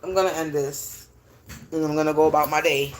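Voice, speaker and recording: A woman's voice: low voice, steady tone, a little fast, a little hiss or hum. A woman ranting defiantly on a livestream from her home as a spiritual reader, cursing bluntly. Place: at home indoors.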